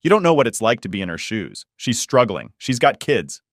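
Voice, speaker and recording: A man's voice: mid-range voice, very animated, a little fast, no room sound, clean studio sound. A man voicing an insistent mother pushing her son to help his sister. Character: nagging mother playing mediator.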